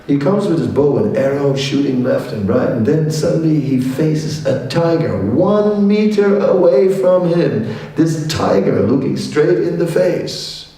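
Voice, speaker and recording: Slow mellow monk telling a story. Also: male voice, a little high. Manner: animated storyteller, acts out voices, chatty asides. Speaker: monk giving a scripture class. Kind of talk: lecture storytelling. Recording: echoey hall from far off.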